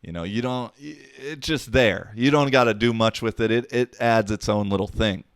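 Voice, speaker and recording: A man's voice: mid-range voice, moderate pace, clean tone, dry recording, studio quality. A man hosting his own podcast, talking alone in a rambling, profane, wisecracking way. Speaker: podcast host. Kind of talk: casual solo podcast monologue.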